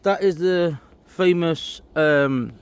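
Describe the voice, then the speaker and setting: A man's voice: on the high side, slow pace, clean tone. A man giving casual walking commentary to camera outdoors, pointing out sights as he goes. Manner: chatty, pointing things out while walking outdoors. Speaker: walking vlogger. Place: outdoors on a disused railway trail.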